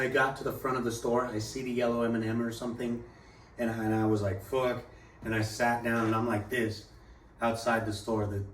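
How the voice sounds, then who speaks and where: A young man telling a story in casual talk, swearing freely and rambling. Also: medium pitch. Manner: profane, rambling, animated quoting. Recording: echoey room, mic at a distance, faint background noise.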